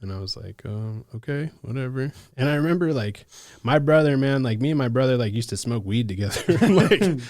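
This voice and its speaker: A man from Alaska working as a case manager, telling his own story in a casual, slangy podcast chat full of "like" and "bro" and quick laughs. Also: mid-range voice, animated, darkish tone, dry recording.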